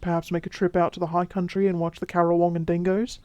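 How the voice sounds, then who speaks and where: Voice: medium pitch, little pitch movement, fast talker, clean tone, no room sound, close to an everyday voice. A performer playing a charming, flirtatious male vampire who speaks with a Mexican Spanish accent, teasing and then soothing in an audio role-play drama. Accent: Mexican Spanish accent, put on by the figure. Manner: teasing, warm, soothing, drops to whispers.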